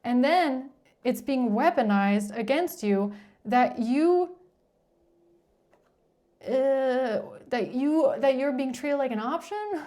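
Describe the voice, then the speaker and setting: A woman's voice: high voice, expressive, slow pace, long pauses, mellow. A woman giving a casual tarot reading, speaking bluntly and with exasperation, swearing freely and rambling through restarts. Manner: rambling, with frequent restarts and filler "like". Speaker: tarot reader.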